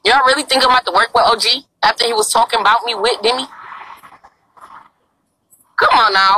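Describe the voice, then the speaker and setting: A young woman livestreams from an open parking lot, her phone held out at arm's length. Her voice sits on the high side with a bright, forceful edge, and she swings it widely as she begs and curses at her viewers. A faint hiss of the outdoors runs underneath. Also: brisk, long pauses, rough recording. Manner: brash, crude and pleading. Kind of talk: casual live-stream chat.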